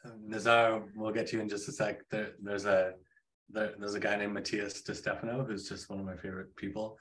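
A man hosting a casual spiritual chat, talking in a relaxed, rambling way with many fillers. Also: on the low side, a little fast, a little hiss or hum. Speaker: host.

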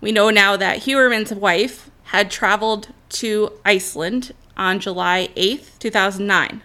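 A woman's voice: medium pitch, steady tone, a little slow, sharp tone. A woman hosting a true crime show, narrating a case in an earnest, openly emotional way. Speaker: true crime podcast host.

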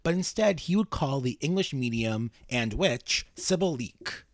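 A man's voice: mid-range voice, measured pace, dry recording, studio quality. A man hosting a podcast, telling a story casually and reading out quotes. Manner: animated storyteller, reads quotes aloud. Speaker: podcast host.

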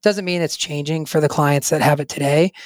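A man with a weak, strained, fairly high voice co-hosts a casual podcast. He rambles loosely and keeps the conversation moving, recorded dry with no room sound. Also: steady tone, fairly quick, no echo. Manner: rambling, loose, steers the talk. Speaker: podcast co-host.

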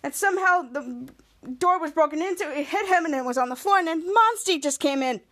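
A woman hosts a podcast and recaps a TV episode in a casual, rambling way. She keeps restarting her sentences, and her voice sits very high. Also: animated, fairly quick, fairly bright tone. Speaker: podcast host.

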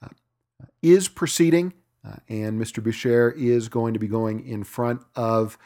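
A middle-aged man hosting a cycling podcast from his home studio, reading news items in a relaxed way with frequent filler words. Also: medium pitch, measured pace. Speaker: podcast host. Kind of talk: solo podcast news segment.

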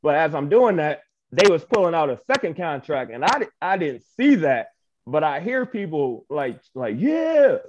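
A young man from Michigan, a wrestling guest, tells his story in a casual, lively way, slipping into the voices of the people in it and laughing along. His voice sits a little high. The audio is dull and lo-fi. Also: moderate pace, background noise. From Michigan, USA. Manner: animated, acts out quoted exchanges, laughs often. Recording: muffled lo-fi audio.

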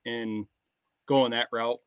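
A man hosting a casual podcast, speaking plainly about his farm and answering with quick short affirmations. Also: mid-range voice, level tone, clear, resonant tone, dry recording. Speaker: podcast host and farmer.

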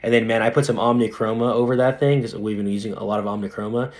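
Young man, dentist guest, animated, slangy, casual podcast chat. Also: fairly low pitch. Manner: animated, fast and slangy, lots of "dude" and "right?".

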